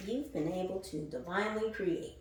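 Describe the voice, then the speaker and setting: A woman's voice: mid-range voice, moderate pace, a little hiss or hum. A woman giving a casual tarot reading, playful and blunt, laughing, swearing and sometimes singing a line. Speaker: tarot reader. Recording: very echoey room.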